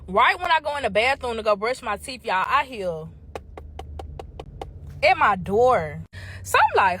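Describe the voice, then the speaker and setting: A young woman telling a story to her viewers in a casual, animated way, swearing freely and talking straight to the audience. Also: fairly high pitch, moderate pace, husky. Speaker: storytime vlogger.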